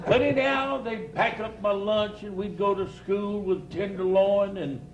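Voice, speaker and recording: An older preacher spins comic yarns in a chuckling folksy drawl, building each tale to a punchline. His voice rides high for a man. The live recording is roomy and echoey, with faint noise underneath. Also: a little slow, dull audio. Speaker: evangelist storyteller. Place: outdoor church campground stage.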